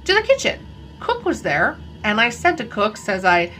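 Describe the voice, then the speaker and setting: Earnest young maid, deferential and rustic, bright lively voice, read by a woman narrator. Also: mid-range voice, moderate pace. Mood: earnest, uneasy. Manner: rustic servant speech, deferential. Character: timid young housemaid, uneducated, earnest.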